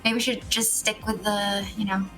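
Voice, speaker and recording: A woman's voice: medium pitch, little pitch movement, normal speed, music in the background, rough recording. A woman playing a tabletop game in character, fretful and earnest. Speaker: player.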